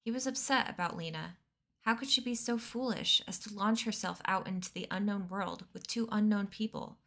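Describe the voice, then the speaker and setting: A woman reading a children's novel aloud on a cozy stream, steady and expressive. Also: mid-range voice, normal speed, gravelly.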